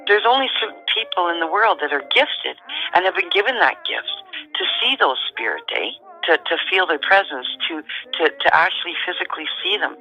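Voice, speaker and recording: A middle-aged woman, calmly and matter-of-factly telling a personal story as a guest. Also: lowish voice, a little fast, muffled recording, faint music behind. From Canada. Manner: calm, matter-of-fact storyteller.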